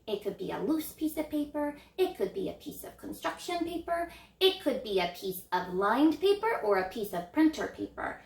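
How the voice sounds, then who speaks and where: A woman teaching an early reading lesson to young children, speaking in an encouraging, sing-song way and modeling letter sounds slowly. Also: sits high, big pitch swings, vocal fry, darkish tone, echoey room.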